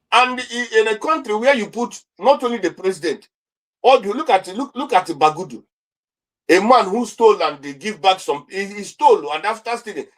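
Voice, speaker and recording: A man's voice: sits high, poor audio. A man from Nigeria with a Nigerian accent, an interview guest giving impassioned political commentary, heated and repetitive, with many restarts and rhetorical questions.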